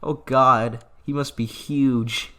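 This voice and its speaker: A man's voice: mid-range voice, fairly even intonation, slow pace, bright, forceful tone. A man giving casual gameplay commentary, laughing often and reading game text aloud with asides. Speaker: gaming YouTuber.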